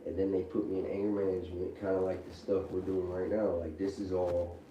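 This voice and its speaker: A man's voice: deep voice, little pitch movement, a little fast, warm tone. A man in his thirties on parole, talking casually and loosely about his family, full of filler words. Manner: loose, rambling with many likes. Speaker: former inmate on parole. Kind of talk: casual candid chat. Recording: muffled echoey room audio from a distance, faint hiss.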